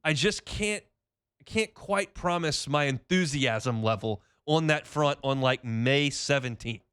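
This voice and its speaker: A man's voice: medium pitch, unhurried, a bit bright, smooth, no room sound. A man hosting a sports radio show, talking casually with wry, self-mocking asides.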